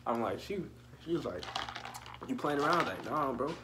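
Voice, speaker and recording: A man's voice: mid-range voice, lively intonation, moderate pace, sharp tone, a little hiss or hum. A young man telling a profane, slangy story in a casual vlog and joking directly with his viewers. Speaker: storytime vlogger.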